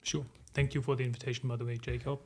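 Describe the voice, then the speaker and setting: A consultant in his forties, guesting on a podcast interview, answers in a measured, reflective manner. His mid-range voice is husky and level, and he often says "um" and "if you will."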